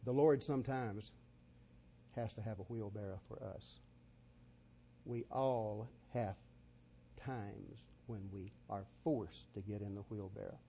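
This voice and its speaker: Male preacher, mellow tone, folksy storyteller. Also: on the low side, steady tone, takes it slowly, pauses often, slight background noise. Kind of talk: sermon.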